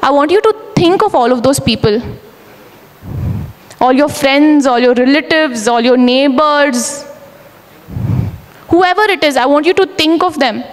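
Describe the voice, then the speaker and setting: A woman's voice: high voice, unhurried, long pauses. A young woman running a motivational school workshop, commanding the group and telling them to repeat after her. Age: young adult. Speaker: workshop facilitator. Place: large school hall indoors. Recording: echoey hall with students around. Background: a room of students.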